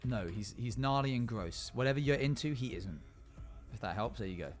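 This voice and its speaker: Male game master on stream, middle pitch, hesitant filler-heavy narration, faint background music. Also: lively intonation, fairly quick. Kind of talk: narrating a text role-play game on stream.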